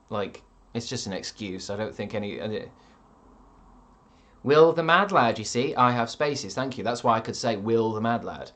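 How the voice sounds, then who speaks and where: A man in his thirties talks casually to his stream chat. His delivery is deadpan and sardonic, full of offhand swearing and dry jokes told with a straight face. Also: medium pitch, normal speed. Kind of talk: casual chat reading viewer comments.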